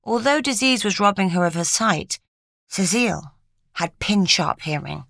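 A woman reading a story aloud in a measured, even storytelling manner. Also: medium pitch, gravelly, no echo, studio quality. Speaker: narrator. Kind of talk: scripted narration.

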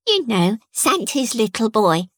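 A woman's voice: on the high side, very animated, a little slow, no room sound, clean studio sound, pitched above the performer's own voice. A woman voicing a small, earnest boy who speaks with a lisp, in a read-aloud story. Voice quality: lisping.

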